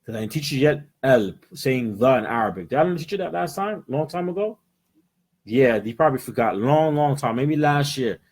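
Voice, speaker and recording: A man's voice: medium pitch, lively intonation, moderate pace, husky. An American man teaching a live class, explaining patiently and checking in with "right?" again and again. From United States. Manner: explains patiently, switching between English and Arabic words. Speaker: Arabic teacher. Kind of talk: classroom lesson. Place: in-person class with students.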